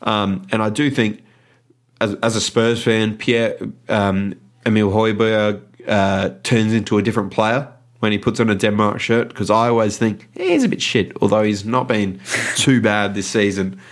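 A man's voice: lowish voice, level tone, unhurried. A man co-hosting a casual football podcast, rambling with lots of ums and restarts. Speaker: podcast co-host. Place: lives in Adelaide.

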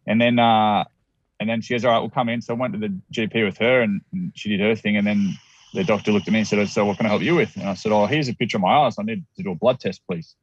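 A man's voice: fairly low pitch, fairly even intonation, fast, husky, no echo, dull audio. An Australian man telling a personal story as a guest, rambling with restarts and acted-out quotes.

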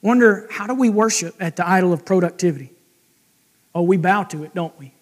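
Brief: man preaching, high-pitched, conversational, keeps questioning the listeners. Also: a little fast. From United States. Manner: conversational, asks the congregation questions. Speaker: pastor. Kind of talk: sermon.

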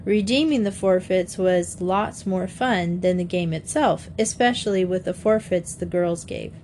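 A woman narrating a children's mystery audiobook in a measured, gentle storytelling voice. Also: lowish voice, a little hiss or hum.

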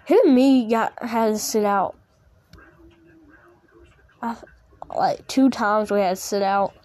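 A woman's voice: medium pitch, takes it slowly, a little mellow. A woman telling a casual story in a rambling, profane way, full of restarts and fillers.

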